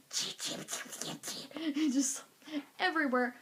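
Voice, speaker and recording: A woman with a high voice tells a story to her camera in a casual vlog. She is animated and acts out each reaction, scattering "like" through her sentences. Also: a little slow. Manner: animated, acting out reactions, lots of "like". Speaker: vlogger.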